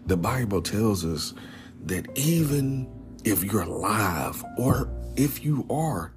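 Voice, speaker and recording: A man's voice: lowish voice, animated, slow pace. A man giving an informal, earnest devotional talk. He often drops to a whisper on key words and casually keeps saying "man". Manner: casual, repeatedly says "man". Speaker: Christian speaker. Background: music.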